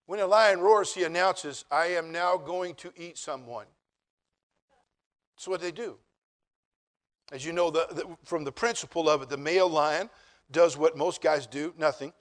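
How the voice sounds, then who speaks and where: A man preaching a sermon as pastor, moving from quiet, joking asides to loud, emphatic declarations. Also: fairly high pitch, a little slow, long pauses. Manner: humorous, conversational storytelling.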